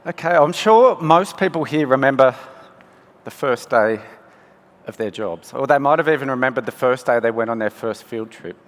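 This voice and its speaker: A male scientist, telling a first-person story in a relaxed, conversational way during a conference talk. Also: mid-range voice, moderate pace. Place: conference hall. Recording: long hall reverb.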